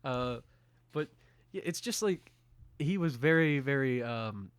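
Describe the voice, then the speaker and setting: A man's voice: mid-range voice, animated, a little slow, clear, resonant tone, dry recording. A man co-hosting a casual podcast from home, hesitant and searching for words, often laughing. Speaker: podcast co-host. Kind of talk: casual chat.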